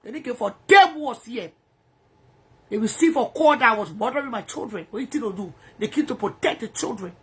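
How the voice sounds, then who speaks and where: A woman's voice: on the high side, slightly rough. A woman ranting angrily in profane, repetitive bursts from her bedroom. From Liberia. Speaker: social media personality.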